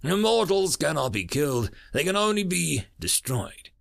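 A man's voice: fairly high pitch, very animated, normal speed, creaky, fairly bright tone, no echo, clean studio sound, pitched above the performer's own voice, full character voice. A man voicing a stern, commanding male digital war-being who speaks with a cold, hard edge and snarls.

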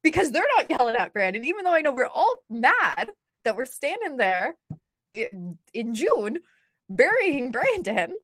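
A woman telling personal stories in candid conversation, blunt and animated, often laughing. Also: high-pitched, unhurried, dry recording, studio quality. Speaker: guest sharing personal stories.

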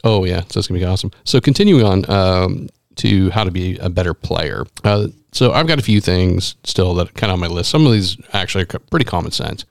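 A man co-hosting a casual chat about tabletop games, talking quickly and often tripping over his words. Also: low voice, lively intonation, vocal fry, no room sound, clean studio sound. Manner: fast, stumbling over words, laughing. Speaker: podcast co-host.

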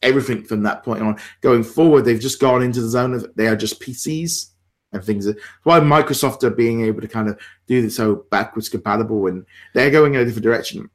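A man's voice: mid-range voice, brisk. A man hosting a casual gaming podcast, talking in a loose, rambling way and wrapping up the episode. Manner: chatty, rambling with fillers. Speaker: podcast host.

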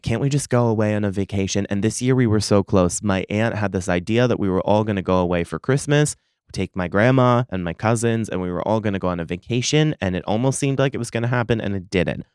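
A man in his thirties talks through a casual solo podcast with a lowish, smooth and resonant voice. He tells stories and complains in a profane, dramatic way, and the sound is close and dry with no room around it. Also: no room sound. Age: 30s. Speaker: podcast host.

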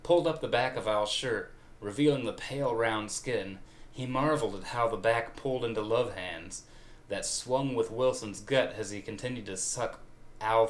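A man giving a comedic reading of fan fiction aloud in a mock-dramatic, deadpan way. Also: on the low side, reverberant. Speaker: reader.

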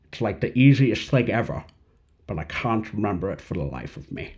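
Guy doing a deep mumbly movie-star impression, quiet and low. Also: sing-song, normal speed. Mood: mumbling. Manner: low, muttering delivery. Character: adult male film star impression, low and murmured.

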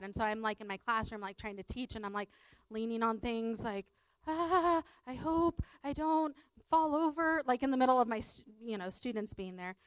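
Middle-aged lady telling her story, lots of likes and ums, kinda high voice, dry room. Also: smooth, no echo, rough recording. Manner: chatty, filler-heavy storytelling. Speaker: teacher sharing a devotional. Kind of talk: personal testimony talk.

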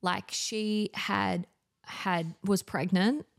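A woman's voice: mid-range voice, fairly even intonation, drawn-out words, creaky. A woman in her thirties with an Australian accent, telling stories as a podcast guest in casual chat, full of fillers. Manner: chatty storytelling, many fillers.

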